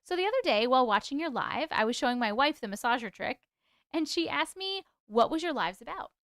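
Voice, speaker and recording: A woman with a high, smooth, clear voice hosts a casual live stream. She chats loosely, greets viewers by name, laughs a lot and drops the odd swear. The sound is close and dry. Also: a bit bright, no echo. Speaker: live stream host reading viewer stories. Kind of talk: casual live-stream chat and story reading.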